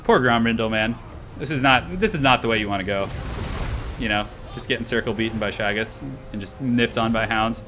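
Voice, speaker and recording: A young man streaming a strategy game, commentating in a chatty, excitable, slangy way, tired and a little out of breath. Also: lowish voice, a little fast, noisy background. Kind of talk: casual live-stream commentary.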